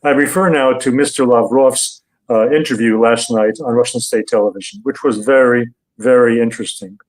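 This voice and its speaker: Deliberate older male analyst. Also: medium pitch, steady tone, low-quality recording. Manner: deliberate, hesitant, with many fillers. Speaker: guest analyst. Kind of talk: interview analysis.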